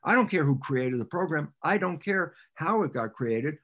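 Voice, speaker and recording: A man speaking as a guest scientist on a podcast, an animated storyteller who repeats phrases for emphasis and acts out little exchanges. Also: a little high, moderate pace. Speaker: podcast guest, cell biologist. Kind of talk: explanatory interview talk.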